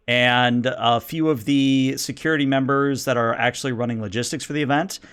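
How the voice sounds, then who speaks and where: A man running a tabletop game as game master, narrating in a relaxed, conversational way. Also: mid-range voice, clear, resonant tone.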